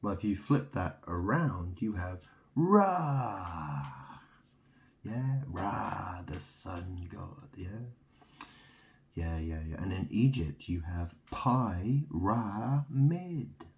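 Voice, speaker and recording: Slow, low-voiced insistent man. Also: lively intonation. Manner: insistent, repeats "okay?", plays on word sounds. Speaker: self-styled religious speaker. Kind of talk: rambling monologue to camera.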